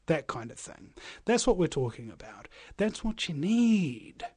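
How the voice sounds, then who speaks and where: Man, live talk radio host, emphatic, addresses listeners, fairly high voice, dry studio sound. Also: big pitch swings, unhurried, darkish tone, slightly rough, no room sound. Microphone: studio microphone.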